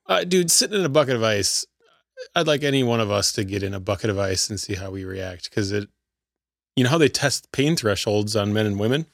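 A man's voice: on the low side, expressive, brisk, creaky, no echo, studio quality. A man co-hosting a podcast, chatting loosely and leaning on fillers like "you know.". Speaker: podcast co-host. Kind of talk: casual chat.

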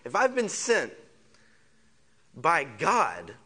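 This preacher's voice sits on the high side and swoops wildly in pitch, moving very slowly with a pushed, bright, husky sound. Repeating phrases and firing off rhetorical questions, he gets the congregation to call lines back to him.

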